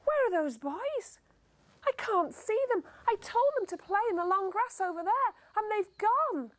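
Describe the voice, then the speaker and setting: A woman's voice: fairly high pitch, huge pitch swings, a little slow, heavily acted. A woman voicing a caring young mother in a story told to children, with an exaggerated storybook voice. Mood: worried.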